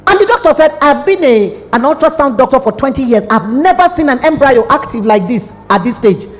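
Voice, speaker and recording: Nigerian woman, pastor, sermon, high lively voice, long hall reverb. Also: fairly quick. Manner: animated storytelling with acted-out dialogue.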